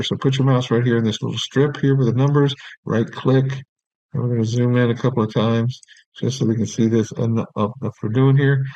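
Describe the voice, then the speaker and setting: A man teaching audio production, explaining each step in a relaxed way and checking in with "okay". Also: medium pitch, no room sound. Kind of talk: screen-recorded software tutorial. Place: small room at his desk. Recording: dry, dull lo-fi recording.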